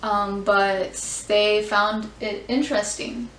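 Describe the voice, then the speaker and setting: A young adult woman chatting candidly in a casual reaction vlog, expressive, swearing freely and filling with "like". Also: medium pitch, slow pace, a little hiss or hum. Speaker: vlogger. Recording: roomy sound, mic at a distance.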